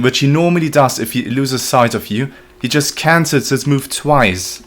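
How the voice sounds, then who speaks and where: A young man commentating his own gameplay live, excitable and profane, talking to his chat as he plays. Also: medium pitch, unhurried, hardly any pauses. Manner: excitable, profane, talks to chat while playing. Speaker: streamer.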